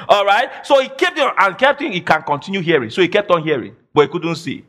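A male pastor delivers a sermon in a high, animated voice that swoops all over. He presses his points by repeating phrases and breaks into shouted declarations. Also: fast, hardly any pauses. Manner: quotes imagined listeners in mock voices.

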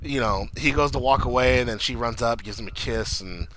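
Brief: excitable, rambling male podcaster, average pitch, noisy home mic. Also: fairly quick. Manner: rambling, excitable, acts out characters' lines, swears often. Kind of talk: casual chat recapping a TV episode.

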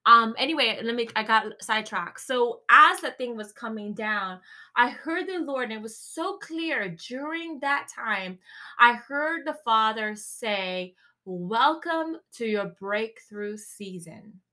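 A woman in her thirties hosts a faith-based podcast and tells her story with lively, breathless exclamations. Her voice sits a little high and sounds bright and forceful. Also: measured pace. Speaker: podcast host.

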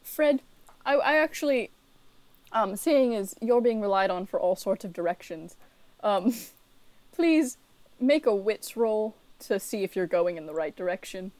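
A woman's voice: medium pitch, lively intonation, measured pace, a little mellow, dry recording. Giggly woman game master, dry sound. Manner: giggly, teasing, filler-heavy. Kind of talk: narrating a tabletop game.

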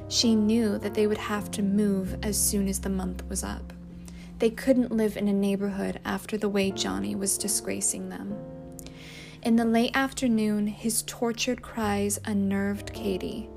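Slow gravelly woman narrating a novel. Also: mid-range voice, level tone, music in the background. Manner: measured, unhurried reading. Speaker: audiobook narrator. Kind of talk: scripted storybook narration.

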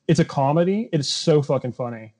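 A young man chatting casually on a podcast, his voice mellow and a touch higher than most men's. He talks in an animated way and breaks into silly voices to act out scenes. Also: fast. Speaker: podcast co-host. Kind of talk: casual chat.

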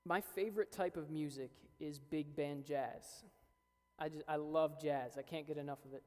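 A man's voice: on the high side, steady tone, normal speed, darkish tone. A young man preaching a sermon as a pastor, earnest and building to emphatic peaks. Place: church hall. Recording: reverberant hall with faint music.

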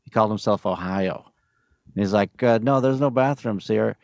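Low, gravelly man telling stories. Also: moderate pace, a little mellow, dry recording, clean studio sound. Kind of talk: casual podcast chat.

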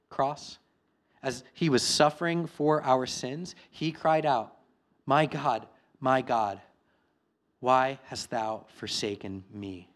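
A man's voice: mid-range voice, slow pace. Man preaching a building sermon. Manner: builds from quiet to loud, emphatic. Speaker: pastor.

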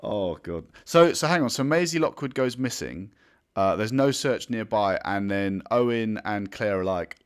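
Animated, argumentative man. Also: lowish voice, moderate pace, clean tone. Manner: animated, argumentative, swears, mocking quotes. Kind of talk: casual film debate.

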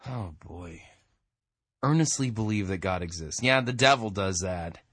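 A man's voice: sits low, expressive, a little slow, a bit bright. A man hosting a sermon review, bluntly and scornfully critiquing the clips he plays. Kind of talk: critical commentary.

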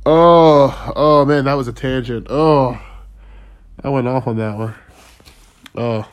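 A young man rants alone on his podcast, rambling from one tangent to the next. He loses his train of thought and chuckles between points in a mid-pitched, everyday voice. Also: takes it slowly, clean tone. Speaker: podcast host. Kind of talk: casual solo rant.

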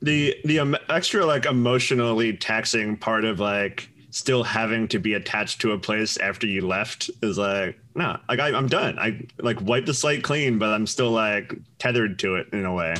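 A man co-hosting a podcast, talking in a relaxed way with lots of fillers and dry jokes. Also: on the low side, moderate pace, hardly any pauses. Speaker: podcast co-host. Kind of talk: casual chat.

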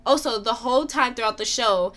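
Bright, chatty young woman. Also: a little high, brisk. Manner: chatty, swears freely, many "like" fillers. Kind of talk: casual chat recapping a TV show.

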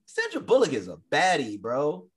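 Guy cohosting a podcast, super animated voice, joking around and laughing. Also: fairly high pitch, normal speed, slightly rough. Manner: animated, laughs often, slangy banter. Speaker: podcast co-host. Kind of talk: casual chat.

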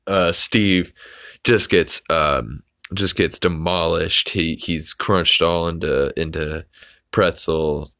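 A man's voice: a bass voice, fairly bright tone, no room sound. A young adult man hosting a podcast, casually recapping a cartoon with lots of fillers and the odd swear, on a close mic. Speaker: podcast host.

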